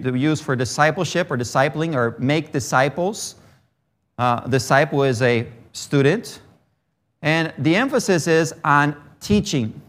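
A man preaching a sermon who grew up in Brazil, moving from a childhood story into emphatic teaching on scripture. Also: fairly high pitch.

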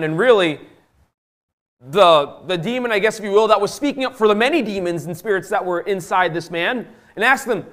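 Male preacher, fairly high voice, sermon with scripture reading, dynamic delivery from loud to hushed. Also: lively intonation. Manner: swings between loud emphasis and hushed, drawn-out phrases; reads scripture in old-fashioned biblical wording.

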